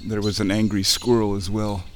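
Man outdoors, chatty running commentary with excited bursts, faint noise and birdsong behind. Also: fairly low pitch, moderate pace. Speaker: outdoor vlogger. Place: outdoors in a muddy creek. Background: birds chirping.

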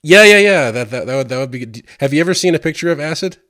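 A man's voice: on the high side, expressive, fast talker, a bit bright, no echo, clean studio sound. A man from Maryland in casual chat, rambling and often repeating words as he thinks. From Maryland, USA.

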